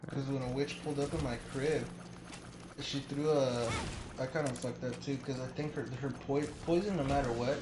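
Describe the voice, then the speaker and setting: A young man tells stories in a loose, rambling way, acting out the lines people said in them. His voice sits at an average pitch. The recording is roomy and echoey, with loud noise behind him. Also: steady tone, normal speed. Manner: rambling, acts out quotes in story. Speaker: stream co-host. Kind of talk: casual chat and storytelling.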